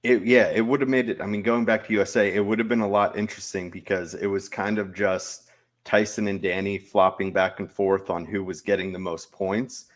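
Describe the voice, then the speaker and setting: A man co-hosting a casual recap show, relaxed and agreeable in his replies. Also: lowish voice, fairly quick. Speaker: after-show co-host.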